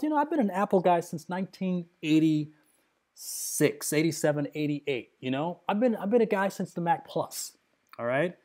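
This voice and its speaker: A man's voice: on the high side, sing-song, moderate pace. A middle-aged man narrating a screen recording, agitated and rambling as he talks straight to his viewers with lots of "okay?" and "right?". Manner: frequent tag questions and fillers. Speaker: computer user demonstrating a software crash.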